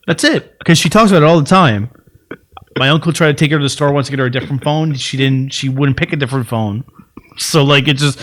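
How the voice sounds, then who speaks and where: A man's voice: fairly high pitch, fairly bright tone. A man co-hosting a podcast, telling rambling anecdotes in casual chat and mimicking relatives as he goes. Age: adult, works for city sanitation. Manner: rambling anecdotes, fast, acts out relatives' voices. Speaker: podcast co-host.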